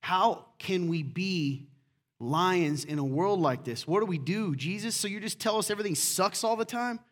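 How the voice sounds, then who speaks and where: A middle-aged man preaching a sermon as pastor, lively and acting out quoted voices. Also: high-pitched, moderate pace.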